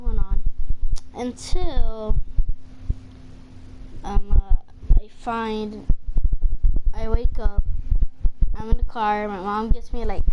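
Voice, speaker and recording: A woman casually telling a personal story, rambling with lots of fillers and swearing. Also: medium pitch. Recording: noisy home recording.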